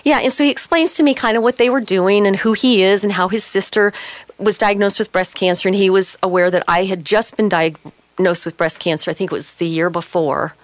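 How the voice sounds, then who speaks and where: A woman's voice: mid-range voice, fairly even intonation, fairly quick, dry recording. Passionate woman telling her story on air. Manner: passionate, emotional. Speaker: radio show guest. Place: radio studio.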